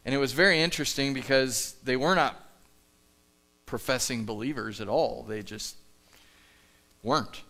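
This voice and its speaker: A man's voice: mid-range voice, normal speed, pauses often, sharp tone. A man preaching a sermon in a church, telling a story in a conversational, earnest way and acting out the dialogue. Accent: Midwestern American. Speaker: pastor. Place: church sanctuary. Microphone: live stage mic.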